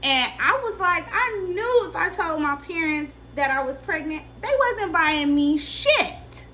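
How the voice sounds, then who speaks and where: A young woman casually telling a personal story on her vlog, candid and profane, with lively delivery. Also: very high voice, measured pace, slight background noise. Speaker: vlogger.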